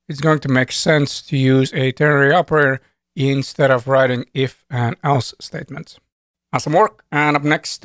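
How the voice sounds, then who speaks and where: A man teaching programming in a relaxed, conversational tutorial, thinking aloud as he types code on screen. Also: on the high side, dry recording, studio quality. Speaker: programming instructor. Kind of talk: screen-recorded coding tutorial.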